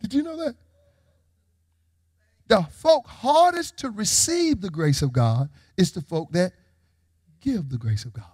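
A male pastor, preaching a sermon in a call-and-response style that rises to shouts. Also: high voice, lively intonation, a little slow, pauses often, slightly rough, no room sound, studio quality.

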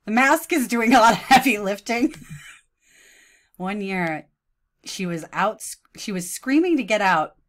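A woman's voice: mid-range voice, expressive, unhurried, long pauses. A woman in her thirties giving mocking, sarcastic reaction commentary, often breaking into laughs. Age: 30s.

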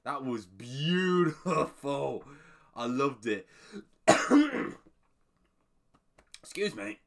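A man casually commenting on a video he just watched, excitable and rambling. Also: mid-range voice, drawn-out words. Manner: excitable, rambling, breaks into laughter. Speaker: video reactor.

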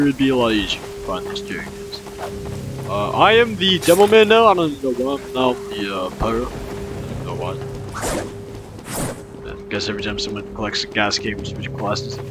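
A man's voice: medium pitch, normal speed, pauses often, music in the background. A young man casually commenting on his game as he plays, rambling and repeating himself, with sudden startled outbursts. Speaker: gaming commentator.

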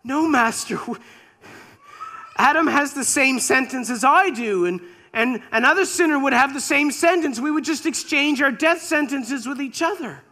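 A man's voice: extremely high pitch, animated, moderate pace, bright, forceful tone, voice pushed up, heavily acted. A man preacher voicing Eve, a distraught young woman pleading with God. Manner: pleading, tearful.

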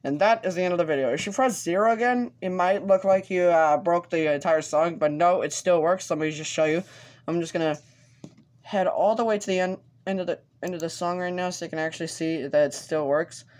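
Here a man with a high voice hosts a laid-back software tutorial recorded from his screen. Each step comes out haltingly, broken up by frequent fillers and restarts.

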